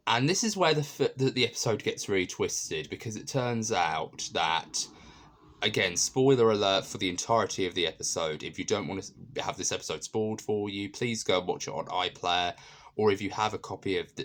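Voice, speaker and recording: Man, deep voice, casual episode review, rambling, lots of ums and restarts, earnest. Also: a bit bright. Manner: rambling, many fillers and restarts; earnest, chatty enthusiasm.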